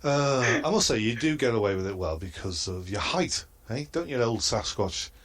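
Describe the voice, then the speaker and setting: A man doing a comedy roast in a halting, hesitant delivery and chuckling at his own crude jokes. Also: medium pitch, lively intonation, a bit bright. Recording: noisy line.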